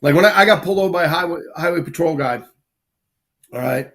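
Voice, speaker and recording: A man's voice: on the high side, fast, a bit bright. A man in a casual podcast chat, telling a rambling personal story full of "right?" and "like".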